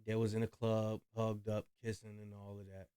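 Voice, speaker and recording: A man's voice: fairly low pitch, completely flat delivery, moderate pace, warm tone, smooth. A man hosting a reaction video, chatting loosely with slang and profanity about clips he plays. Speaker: reaction channel host. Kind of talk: casual commentary on clips.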